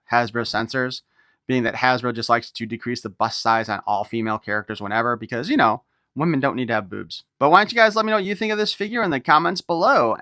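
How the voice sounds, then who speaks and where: A man's voice: mid-range voice, sharp tone, dry recording, clean studio sound. A man giving a casual toy unboxing review, reading a file card aloud and breaking off for irreverent wisecracks.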